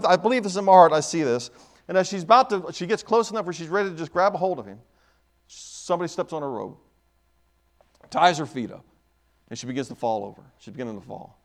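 Emphatic man preaching a sermon in church. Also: a little high. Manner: emphatic, repetitive, builds in bursts.

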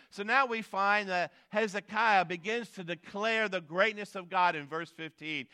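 High bright voiced pastor guy preaching, big swells then drops. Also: unhurried, few pauses, clean tone. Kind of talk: sermon.

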